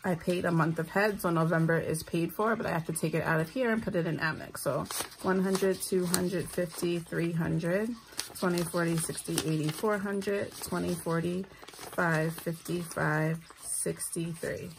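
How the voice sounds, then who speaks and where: A woman's voice: on the low side, fairly even intonation, moderate pace, vocal fry, noisy background. A tired woman, talking casually while counting out cash for her budget and making self-deprecating asides. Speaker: budgeting vlogger, single mother.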